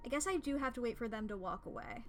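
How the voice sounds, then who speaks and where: A woman streaming a game, chatting casually and excitably, swearing freely and rambling as she plays at a home desk setup. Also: a little high, fast talker, slight background noise. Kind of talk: casual gameplay commentary.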